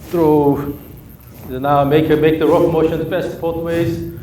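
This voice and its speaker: A man's voice: on the high side, little pitch movement, moderate pace, darkish tone, slight background noise. A man with a Korean accent coaching a golf student, giving short, repeated cues during drills. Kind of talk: live coaching session. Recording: echoey room with faint ambience.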